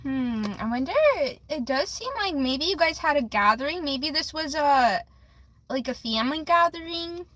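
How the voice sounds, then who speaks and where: A woman's voice: high-pitched, lively intonation, normal speed, a bit bright, low-quality recording. A young woman livestreaming tarot readings, chatting with viewers in a bubbly, giggly way. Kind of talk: casual livestream chat.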